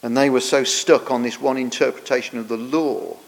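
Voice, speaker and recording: A man preaches, explaining scripture in an earnest, teaching way. His phrases often sink quieter as they end. His voice rings out with a long reverb, as in a large church. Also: medium pitch, fairly even intonation, normal speed, vocal fry. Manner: earnest, explanatory, drops softer at the ends of phrases. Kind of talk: sermon.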